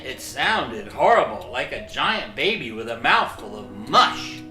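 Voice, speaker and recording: A narrator reading a children's storybook aloud in an expressive, lively storytelling manner. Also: medium pitch, moderate pace, echoey room, soft background music.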